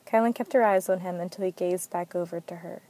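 Woman reading a story in a mellow voice. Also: fairly low pitch, steady tone, a little fast. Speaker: narrator.

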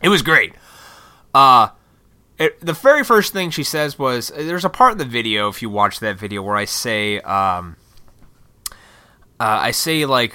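A man's voice: mid-range voice, lively intonation, a little slow, pauses often, bright, forceful tone, smooth. A man venting his opinions in a blunt, profane, rambling vlog rant. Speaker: vlogger.

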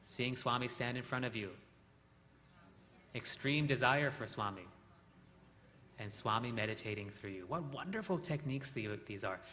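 A man teaching a meditation lesson, calmly explaining and telling stories, asking his listeners questions now and then. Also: medium pitch, moderate pace, long pauses. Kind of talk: spiritual lesson recap with storytelling. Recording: reverberant hall with faint ambient noise.

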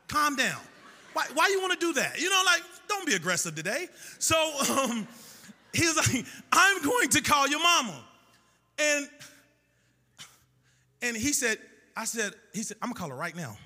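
A man with a high, very bright voice preaches in a musical, sing-song cadence. He slips into the voices of the people in his stories as he goes. The sound carries a long reverb, as in a large church hall. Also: gravelly, slightly rough. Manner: storytelling with acted-out dialogue. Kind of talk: sermon.

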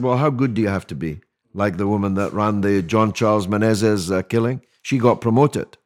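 An older man, a guest on a podcast interview, talking in an emphatic, rhetorical way with many restarts. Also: fairly low pitch. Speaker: mayoral candidate guest.

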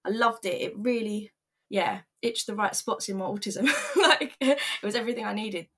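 Young woman, candid personal vlog storytelling, earnest and open, mid-pitched voice. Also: normal speed. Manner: candid, earnest, emotional retelling with quoted voices.

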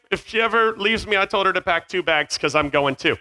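Man, 40s, high bright voice, camp speaker wandering off on silly tangents for middle schoolers. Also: moderate pace. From Virginia. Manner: scattered, self-mocking, jumps between tangents. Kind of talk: joking talk to middle schoolers. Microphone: headset mic.

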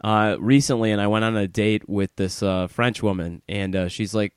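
A man's voice: fairly low pitch, steady tone, a little fast, few pauses, clean tone, no room sound, clean studio sound. A man hosting a podcast, chatting casually and laughing often as he introduces his guest. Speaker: podcast host. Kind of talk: casual interview chat.

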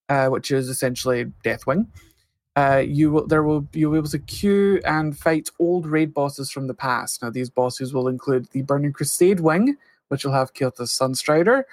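Dry, higher-voiced man reading gaming news. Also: dry recording. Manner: reads news items with many fillers. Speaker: podcast co-host reading news. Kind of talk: casual chat.

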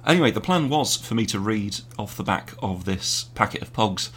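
A man's voice: lowish voice, lively intonation, normal speed, a bit bright, husky. A man co-hosting a casual home podcast, rambling and easily sidetracked, mocking himself as he goes. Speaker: podcast co-host. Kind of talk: casual chat. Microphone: home podcast mic with earpiece.

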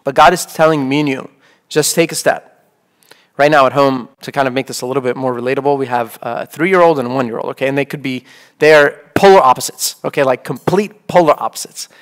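A man's voice: mid-range voice, a little fast. A man in his thirties, a priest, giving a conversational sermon full of "like" and "okay?". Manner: casual, peppered with "like" and "okay?".

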